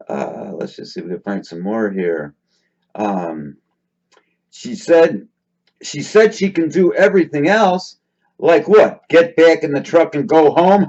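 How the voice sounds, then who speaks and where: A man's voice: medium pitch, sing-song, moderate pace, a little mellow. Sarcastic man muttering over lo-fi audio. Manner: sarcastic, mutters asides between read-out comments; frequent hesitant fillers and restarts. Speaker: host reading out live-stream chat comments. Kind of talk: casual commentary.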